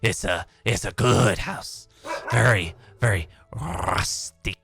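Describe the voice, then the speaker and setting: A man's voice: lowish voice, gravelly, bright, forceful tone, no echo, soft background music, voice pushed down, full character voice. A man voicing a creepy old village mayor who drags out his words and rolls his Rs. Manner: slow, drawn out, rolled R.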